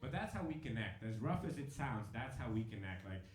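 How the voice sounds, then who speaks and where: A man's voice: mid-range voice, sing-song, brisk, slight background noise. A young man doing a stand-up comedy set, chatty and riffing with the audience. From Hungary and South Africa. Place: comedy venue with live audience. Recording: roomy live venue with crowd laughter. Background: audience laughing.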